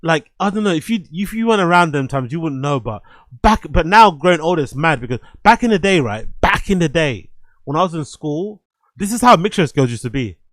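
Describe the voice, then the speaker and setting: Animated man, slightly high voice. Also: fairly quick, dry recording. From London. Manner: animated, swears freely, laughs often, repeats phrases. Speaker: streamer host. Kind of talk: casual live-stream commentary.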